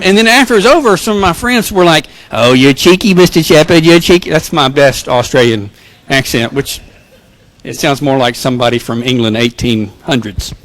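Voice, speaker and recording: A man's voice: on the high side, a bit bright, dry recording. A male pastor giving a sermon, telling jokes and self-deprecating personal stories. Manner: joking, self-deprecating storyteller.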